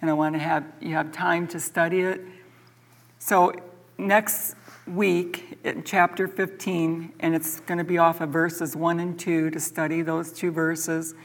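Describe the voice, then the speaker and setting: A middle-aged woman leads a church Bible study, telling her story with earnest animation. She often stumbles and repeats words. Her voice sits a little low for a woman. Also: level tone, measured pace. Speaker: church teacher.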